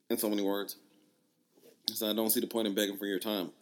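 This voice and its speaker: A man's voice: fairly low pitch, flat delivery, fast talker, pauses often. A man hosting a show, telling a personal story in a candid, profane, rambling way. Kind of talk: casual storytelling. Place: Toronto.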